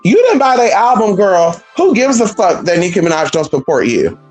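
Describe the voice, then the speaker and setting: This vlogger speaks at a medium pitch with big swings and a darkish tone, at a moderate pace, on a low-quality recording with faint music behind her. Her casual monologue is blunt, profane and sassy, addressing listeners as "honey" and "girl" and retorting to imagined critics.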